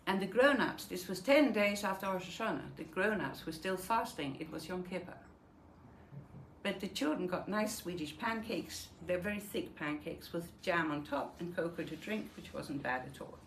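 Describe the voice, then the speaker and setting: A lowish, animated female voice at normal speed belongs to an older woman from Denmark, a Holocaust survivor sharing her wartime recollections in a memoir talk. She tells it vividly, voicing the dialogue herself, in an echoey room with faint background noise.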